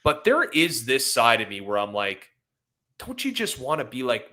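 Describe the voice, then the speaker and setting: A man rants on a sports podcast, his voice bright and forceful. He rambles through restarts and keeps apologizing for getting emotional. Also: medium pitch, huge pitch swings, normal speed. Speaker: podcast co-host. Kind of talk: emotional casual sports talk.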